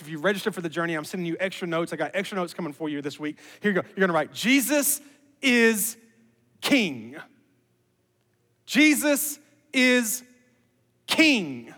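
A man preaching a sermon as pastor, animated and building to emphatic peaks. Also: high-pitched. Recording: reverberant hall with music underneath.

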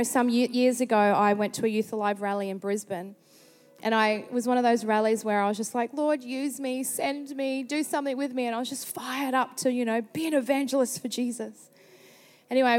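A woman with an Australian accent preaching a sermon, telling a personal story in a chatty, animated way. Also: on the high side. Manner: chatty, animated storyteller who slips into quoted voices. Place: large church hall. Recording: long hall reverb.

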